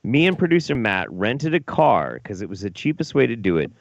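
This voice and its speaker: A man's voice: lowish voice, sing-song, a little fast, gravelly, no echo, highs cut off. A drunk man co-hosting a talk show, telling a rowdy, profane story and acting out quotes. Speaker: co-host.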